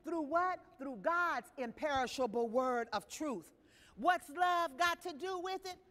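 A woman's voice: high-pitched, animated, a little slow, fairly bright tone. A woman preacher delivering a sermon to a congregation with emphatic, questioning delivery. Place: church sanctuary. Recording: long reverb of a large hall.

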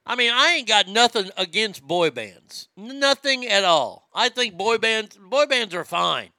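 A man hosting a comedy show, ranting loudly and profanely and mocking celebrities. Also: high voice, animated, a little slow, no echo. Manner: loud, profane, mocking, laughs at own jokes. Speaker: comedy podcast host. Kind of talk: crude comedic rant.

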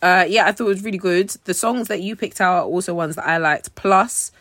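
A young woman, co-hosting a casual chat, animated and slangy. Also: mid-range voice, a little fast, no room sound. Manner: animated, slangy, mimics others. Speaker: podcast co-host.

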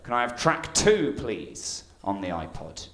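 A man's voice: fairly low pitch, big pitch swings, a little slow, a bit bright, slight background noise. A man performing a playful, self-mocking stand-up comedy set. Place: comedy venue with live audience. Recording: roomy venue with backing music.

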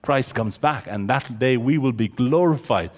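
A man's voice: medium pitch, normal speed, big-room sound. A man preaching a sermon, explaining scripture verse by verse and often checking with the congregation. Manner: expository, asks the audience questions.

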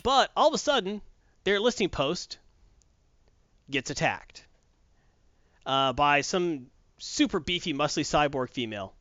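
A man's voice: on the high side, big pitch swings, measured pace, long pauses, fairly bright tone, dry recording. A man in casual chat, retelling a story animatedly and acting out characters. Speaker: podcast co-host. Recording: dull dry sound.

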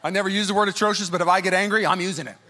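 A man's voice: rapid-fire, slight background noise. A man in his thirties preaching a sermon, telling personal stories with jokes and acting out quotes in a put-on voice. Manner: animated, jokey, acts out quotes in high-pitched voices. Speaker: pastor.

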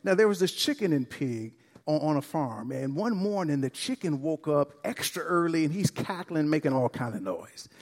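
A man's voice: on the high side, expressive, normal speed, long reverb tail. Exuberant preacher calling to his congregation. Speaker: pastor. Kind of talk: sermon. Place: church service.

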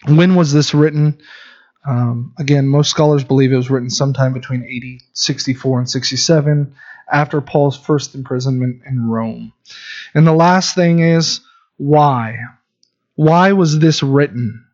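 A man's voice: medium pitch, a little slow, a little mellow. A man in his thirties preaching a sermon as a pastor, earnest and conversational, with frequent restarts. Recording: dull lo-fi recording.

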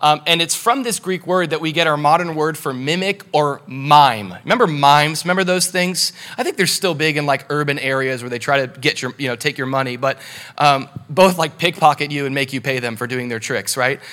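A male pastor giving a casual, animated sermon, often asking the congregation rhetorical questions. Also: fairly high pitch, brisk. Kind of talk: conversational sermon.

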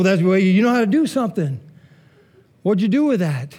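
A man's voice: very high-pitched, expressive, a little fast, a little mellow. A man preaching a sermon in a casual, conversational way, full of asides and rhetorical questions. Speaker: pastor.

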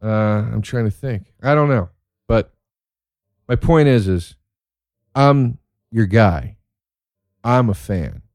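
A man's voice: on the low side, expressive, slow, pauses often, darkish tone, no echo, studio quality. A man telling rambling, profane stories in a casual monologue, easily worked up about the things he loves.

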